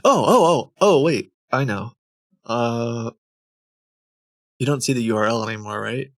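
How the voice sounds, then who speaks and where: A man's voice: mid-range voice, expressive, unhurried, no room sound. Rambling streamer man, dry close mic. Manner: rambling, self-interrupting, laughs often. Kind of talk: casual live-stream chat.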